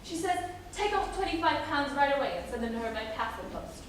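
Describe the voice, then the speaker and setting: A glamorous socialite actress, gushing and dramatic, played by a girl in a school play, with a very high, breathless delivery. The voice comes from far off in a booming hall with clear hiss. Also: animated, fairly quick. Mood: gossipy. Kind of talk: school stage play acting. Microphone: far camera in audience. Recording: echoey hall, far camera, noisy.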